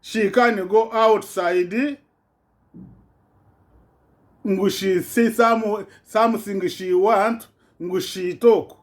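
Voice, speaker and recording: A man's voice: high-pitched, steady tone, extremely slow, long pauses. A man giving an impassioned political rant in broken, non-native English, repeating himself with indignation. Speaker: vlogger.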